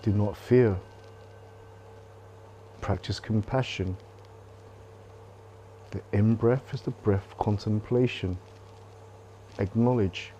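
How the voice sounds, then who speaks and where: A man leading a qigong class, calmly coaching breathing and movement with gentle repetition, on a close mic while he moves. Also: lowish voice, slow, pauses often, slight background noise. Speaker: qigong instructor. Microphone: close clip-on mic while moving.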